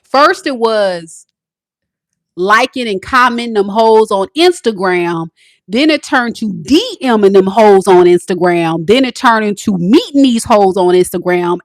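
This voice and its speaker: Woman host giving blunt relationship advice, theatrical and loud one moment, hushed the next, in a mid-range voice on a dry, close mic. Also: normal speed, dry recording. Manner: animated and dramatic, swinging from loud outbursts to calm, low talk. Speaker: tarot reader hosting a livestream. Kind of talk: casual livestream advice talk.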